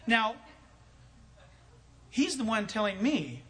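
A man's voice: sits high, unhurried, long pauses, bright, forceful tone, a little hiss or hum. A man telling a story in a sermon as a pastor, acting out both sides of a conversation and chuckling often.

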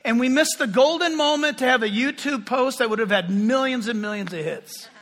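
A man's voice: very high voice, brisk, a bit bright. A male pastor preaching a sermon, telling stories animatedly and addressing the congregation, with long hall reverb.

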